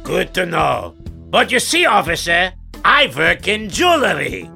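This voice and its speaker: A man voicing a frantic middle-aged jewelry store owner who stammers and rushes his words in a comedy sketch. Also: high-pitched, sing-song, creaky, pushed and bright, faint music behind, exaggerated voice. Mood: strained calm.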